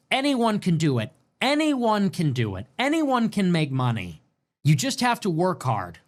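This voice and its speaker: Sarcastic, animated male streamer. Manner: sarcastic, mocking, swings between loud outbursts and low mutters. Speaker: livestream host. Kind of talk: livestream commentary reading super chats.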